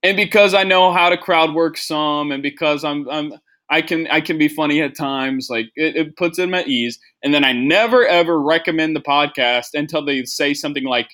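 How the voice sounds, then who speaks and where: A man's voice: on the high side, a little fast, fairly bright tone. A young man hosting a comedy podcast, rambling and self-deprecating, with lots of "like" fillers. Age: young adult. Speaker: podcast host. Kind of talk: casual comedy podcast monologue.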